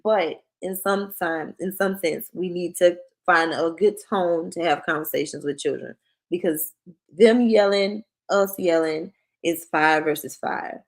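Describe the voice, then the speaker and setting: Low-voiced woman giving a parenting workshop. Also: a little slow. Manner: conversational, acts out short parent-child exchanges. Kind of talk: presentation to parents.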